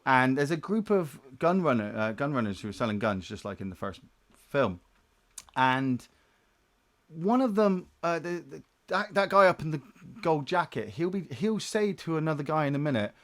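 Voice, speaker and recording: A man co-hosting a game review show, casually commentating gameplay with jokes, swearing and loud acted-out bursts. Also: a little high, moderate pace. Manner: animated, jokey, acts out game characters in loud bursts, swears.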